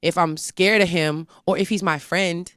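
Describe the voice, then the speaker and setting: A woman's voice: on the low side, moderate pace, smooth, no echo, studio quality. A young woman in a casual interview, telling her story with life and acting out what she and others said. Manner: animated storytelling, acts out her own quotes. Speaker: interview guest, singer.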